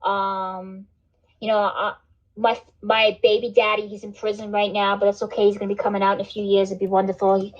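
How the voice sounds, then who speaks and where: A woman's voice: medium pitch, little pitch movement, fairly quick, natural voice. A woman putting on a brash, chatty New Jersey mom with an exaggerated, mocking accent. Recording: dull lo-fi stream audio.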